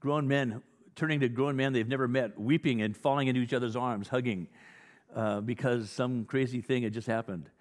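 A male pastor preaching a sermon in a conversational, animated teaching style with frequent restarts. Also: medium pitch, normal speed. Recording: long hall reverb.

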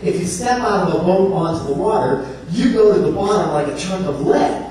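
A man preaching a sermon, telling the story in an animated, humorous way and acting out voices. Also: high-pitched, a little fast. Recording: echoey room from far off, faint noise.

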